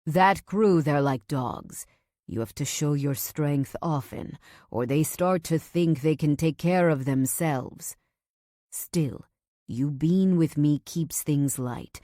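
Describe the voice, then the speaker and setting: A woman's voice: sits low, takes it slowly, warm tone, no room sound, studio quality. A woman voicing a domineering mafia husband who speaks in a firm, clipped, controlling way. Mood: commanding. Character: domineering mafia husband, calm, commanding man.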